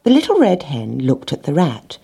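A woman reading a children's storybook aloud, gently, with lively character voices. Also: deep voice, normal speed, vocal fry, husky.

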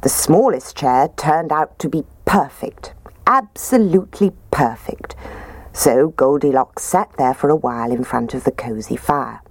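Woman reading a bedtime story, low voice but swoops around a lot, dry close sound. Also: unhurried, breathy edge, dry recording. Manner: expressive, gentle.

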